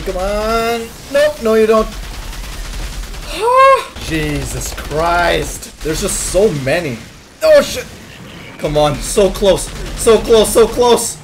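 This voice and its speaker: A man doing excitable gameplay commentary as host of a gaming video. He swears, yelps and shouts at the enemies he fights. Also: high voice.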